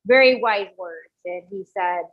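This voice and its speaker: Medium in pitch and measured in pace, this woman is an entrepreneur guest on an interview podcast. She narrates her story animatedly, taking on the voices of people she quotes, through a dull lo-fi recording.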